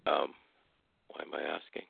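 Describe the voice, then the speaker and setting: A man telling a personal story as a guest and then arguing back at a caller, deliberate and confrontational. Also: no room sound. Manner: deliberate, confrontational when challenged. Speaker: guest speaker. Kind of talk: casual storytelling and argument. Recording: tinny phone-line audio.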